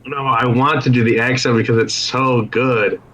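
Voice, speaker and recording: A man playing a tabletop game from home, rambling and scattered in quick bursts. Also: mid-range voice, little pitch movement, fairly bright tone, a little hiss or hum. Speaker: player. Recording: slightly muffled lo-fi mic.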